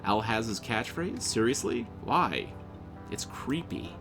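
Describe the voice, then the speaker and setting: A man's voice: on the low side, very animated, takes it slowly, creaky, a bit bright, soft background music. A man casually playing through a game, reading its text aloud and chatting, often tripping over words. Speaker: game player.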